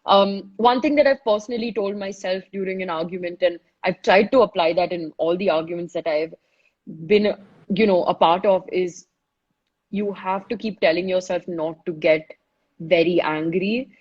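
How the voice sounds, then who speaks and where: A woman's voice: on the low side, normal speed, lo-fi sound. A woman giving chatty, casual advice in a live online session, often saying "you know" and talking it through. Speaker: speaker giving advice on listening.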